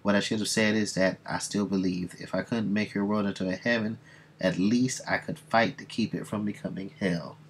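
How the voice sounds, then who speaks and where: A man reading out the lines of a weary male mutant who broods on lost faith, in a flat, slow read. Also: on the low side, slight background noise, lightly acted. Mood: somber.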